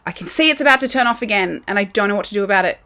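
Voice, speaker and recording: A woman's voice: medium pitch, expressive, racing, sharp tone, slight background noise. A young woman with an Australian accent chats alone into her camera for a podcast. She rambles candidly, piling up fillers and the odd curse as she thinks aloud. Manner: candid, chatty, lots of fillers, swearing. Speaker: podcast host. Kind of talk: casual solo podcast chat. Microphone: camera with built-in mic.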